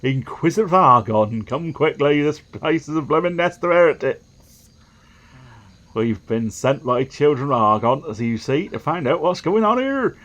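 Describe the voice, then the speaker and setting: A man's voice: on the high side, lively intonation, a little slow, fairly bright tone, voice pushed up. A man voicing a zealous, self-righteous male cult inquisitor in a video game.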